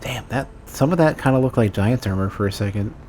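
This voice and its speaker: A man's voice: medium pitch, lively intonation, brisk, a little mellow, faint music behind. A man streaming a video game, thinking aloud about damage numbers and reacting as he plays in casual commentary.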